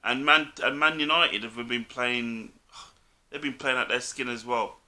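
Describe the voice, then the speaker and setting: Blunt, swearing man with bright voice. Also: medium pitch, fairly even intonation, measured pace. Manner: blunt, swears a lot, says mate constantly. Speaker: co-host. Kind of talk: casual football chat.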